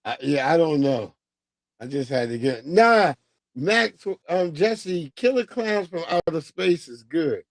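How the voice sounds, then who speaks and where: A man's voice: a little high, lively intonation, takes it slowly, no room sound. A man hosting a livestream, chatting casually with viewers in a rambling, profane way and drifting off on tangents. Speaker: livestream host.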